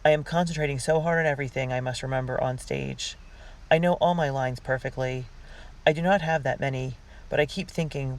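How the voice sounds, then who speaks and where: A man's voice: mid-range voice, fairly even intonation, fairly quick, rough recording. Earnest reader narrating a girl's diary. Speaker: audiobook reader.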